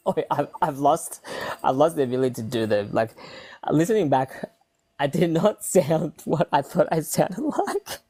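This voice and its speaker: A woman's voice: low voice, expressive, unhurried, pauses often, mellow, husky. A young woman hosting a podcast, laid-back and curious, swearing casually as she chats with a friend. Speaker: podcast host. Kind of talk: casual chat.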